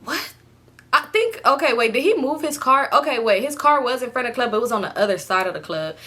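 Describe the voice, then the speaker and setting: A young woman vlogger telling a casual storytime, chatty and animated, swearing freely and laughing often. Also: a little high, fast.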